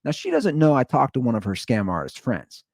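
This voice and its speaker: Animated ranting man, lively pitch. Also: fairly quick, vocal fry, dry recording, studio quality. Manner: animated, profane, swings between loud outbursts and low asides. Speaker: podcast host. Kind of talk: ranting comedic storytelling.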